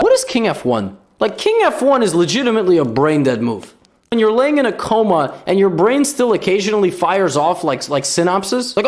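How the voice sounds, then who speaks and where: Excitable man doing wild chess commentary. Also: high voice, brisk. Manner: excitable, shrieking with disbelief and laughter at blunders; teasing, sarcastic. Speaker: chess commentator and channel host.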